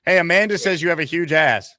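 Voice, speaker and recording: A man's voice: on the high side, fast, bright, forceful tone. A man hosting, reading out live chat comments in a teasing, matter-of-fact way.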